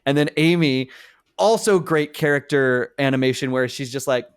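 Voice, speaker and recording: An enthusiastic man co-hosting a casual podcast, breaking into laughter as he retells scenes. His voice is smooth and resonant. The recording is dry and close, with no room sound. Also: mid-range voice, normal speed, no echo. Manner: enthusiastic, laughs often, quotes lines from the show. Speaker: podcast co-host. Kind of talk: casual chat.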